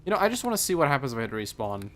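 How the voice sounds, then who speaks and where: A man's voice: medium pitch, very animated, very fast, a little hiss or hum. A man casually commenting on a fantasy role-playing game as he plays, with wry, sarcastic jokes. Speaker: let's play host.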